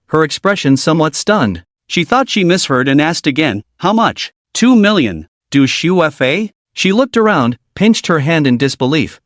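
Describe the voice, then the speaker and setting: Man, comic recap narration, fairly high voice, animated intonation, dry close sound. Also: no room sound. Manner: reads every part in one steady narrating voice.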